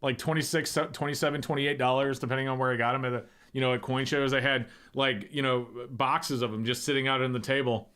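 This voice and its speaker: Man, easygoing livestream host, mid-pitched, musing, chatty. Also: quick pace, few pauses, clear, resonant tone. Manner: relaxed, thinks aloud with restarts. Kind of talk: casual livestream chat.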